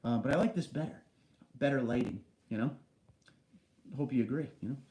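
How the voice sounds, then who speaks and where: A man's voice: medium pitch, fairly quick, warm tone, echoey room, poor audio. A man hosting a casual livestream, reading viewer comments aloud and answering them from a large basement room. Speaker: livestream host.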